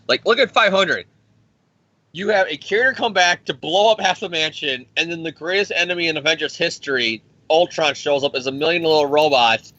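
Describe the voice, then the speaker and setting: A man co-hosting a podcast, recapping a comic book in a rambling, profane, excitable way. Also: a little high, a little fast, no echo. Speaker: podcast co-host. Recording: dry, dull lo-fi sound.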